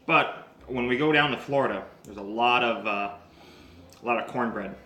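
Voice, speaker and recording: Cooking and sampling dishes in his home kitchen, a chatty Canadian channel host keeps up a casual vlog. His voice sits at medium pitch with a sharp tone and a moderate pace, and the recording has a roomy feel.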